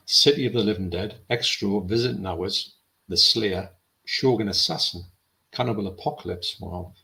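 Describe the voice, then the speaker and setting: A man with a low voice, co-hosting a casual film chat live stream and reading out viewer comments. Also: gravelly, pushed and bright. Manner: chatty, reads out viewer comments.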